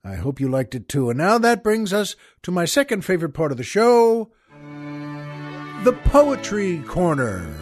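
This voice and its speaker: A man hosting a show, telling a long joke in an unhurried, folksy way and laughing at his own punchlines. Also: high-pitched, sing-song, faint music behind. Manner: slow, folksy storyteller who chuckles at his own jokes. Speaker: podcast host. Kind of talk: joke telling and poetry reading.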